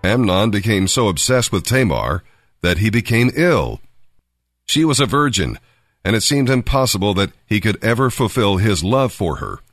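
A man narrating a Bible story in an expressive storytelling manner. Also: lowish voice, moderate pace, dry recording, faint music behind.

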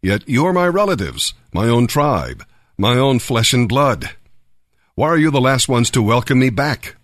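A man's voice: medium pitch, sing-song, moderate pace, dry recording, studio quality, natural voice. A man reading scripture aloud, voicing a king who speaks with authority and grants pardon. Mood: earnest. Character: forgiving triumphant middle-aged king.

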